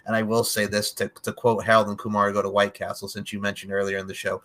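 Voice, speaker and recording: A man's voice: on the low side, monotone, fast, few pauses, fairly bright tone. A man hosting a casual podcast interview, chatty and loose, laughing often and swearing casually. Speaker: podcast host.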